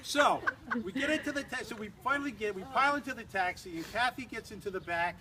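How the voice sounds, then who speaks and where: A man's voice: high voice, quick pace, pushed and bright. Older man telling a rambling, teasing toast. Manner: rambling comic storyteller, teasing, often restarts. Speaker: father giving a toast. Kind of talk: humorous party toast. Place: engagement party.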